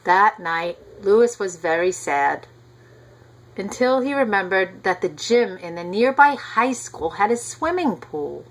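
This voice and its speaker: Woman, reading a storybook aloud to a child, gentle, talks to the listener, unhurried. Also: medium pitch, animated, poor audio. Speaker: reader.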